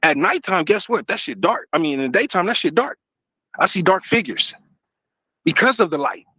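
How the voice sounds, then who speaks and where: A man's voice: high voice, animated, moderate pace, bright, forceful tone, husky, no echo. A man in a heated casual debate, slangy and emphatic, calling others bro.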